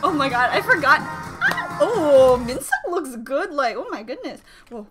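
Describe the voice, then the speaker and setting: A woman reacting to a music video, with excitable, gushing exclamations and a little out of breath. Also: high voice, normal speed. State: slightly out of breath. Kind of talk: casual reaction commentary. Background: music video playing.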